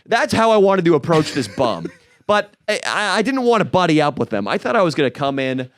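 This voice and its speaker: A man's voice: a little high, brisk, slight background noise. A man co-hosting a podcast, telling a comic story and acting out the people in it with raised voices, in a studio on a studio mic. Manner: animated, acts out characters in raised voices. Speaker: podcast co-host. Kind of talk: comedic storytelling. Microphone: studio microphone.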